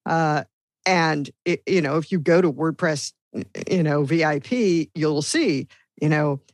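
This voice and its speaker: A woman's voice: low voice, no echo, studio quality. A woman on a podcast panel explaining her point carefully, with frequent uhs and you-knows. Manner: measured, filler-laden explaining. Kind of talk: casual panel discussion.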